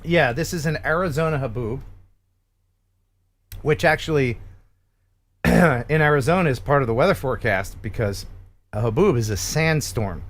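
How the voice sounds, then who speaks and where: A man's voice: mid-range voice, expressive, moderate pace, long pauses. A man hosting a casual live-stream chat, joking and playful as he talks. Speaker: host of a live show.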